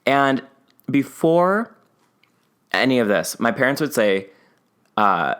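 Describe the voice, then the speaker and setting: A man's voice: slow, smooth. A young man co-hosting a podcast, telling a personal story in casual chat and acting out his family's lines. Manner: animated storyteller who acts out family members' lines in a high, wavering voice. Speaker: podcast co-host.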